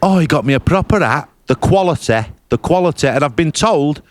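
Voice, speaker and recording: A man's voice: fairly high pitch, expressive, fairly quick, dry recording. Blunt, boastful man. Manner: broad, blunt, boastful storytelling with swearing. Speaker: podcast host reporting from abroad. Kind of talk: comic character monologue. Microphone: remote call.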